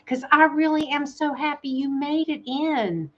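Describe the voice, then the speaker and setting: A woman's voice: sits high, a little slow, a bit bright, dull audio, a little hiss or hum. Chatty Southern woman live-streaming. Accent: Southern American. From Southern United States. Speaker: ASMR channel host. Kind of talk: casual live-stream chat. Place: home in Thailand.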